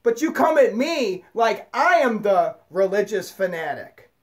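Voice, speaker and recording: Speaking unhurriedly in a high-pitched voice with big swings in pitch, this male vlogger delivers an off-the-cuff angry tirade. His rant is full of profanity, and he keeps tripping over the same words.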